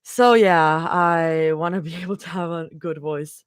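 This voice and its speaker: A woman's voice: on the low side, fairly even intonation, measured pace, clean tone, no room sound, studio quality. A young woman chatting casually with her livestream audience, giggling often and rambling between thoughts. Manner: giggly and rambling, talks to chat. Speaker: livestream fanfiction reader.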